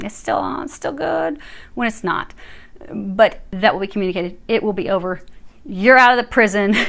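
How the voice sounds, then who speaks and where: A woman talks through a tarot reading in a casual, emphatic way. Her fairly high voice swings up and down as she stresses her points. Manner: chatty, emphatic, lively swings in pitch. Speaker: tarot reader.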